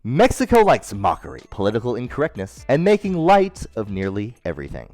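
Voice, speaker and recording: A man delivering a scripted comedy monologue, deadpan jokes between quick silly voices. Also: medium pitch, dry recording, faint music behind. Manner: deadpan jokey delivery with sudden character voices. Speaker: comedy host.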